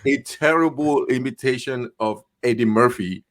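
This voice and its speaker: A man's voice: medium pitch, normal speed. A man from Nigeria co-hosting a podcast, chatting casually and laughing often. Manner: animated, laughing. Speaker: podcast co-host. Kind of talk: casual chat.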